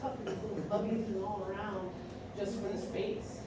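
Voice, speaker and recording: A woman's voice: mid-range voice, flat delivery, moderate pace. A woman from Philadelphia, chatting and explaining at length. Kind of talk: casual conversation. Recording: echoey room from far off with loud noise.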